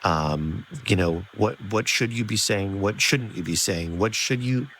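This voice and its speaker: Earnest low-voiced man, faint background hiss. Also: measured pace, fairly bright tone, low-quality recording. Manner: earnest, searching, many fillers. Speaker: podcast host. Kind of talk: empathetic conversational interview.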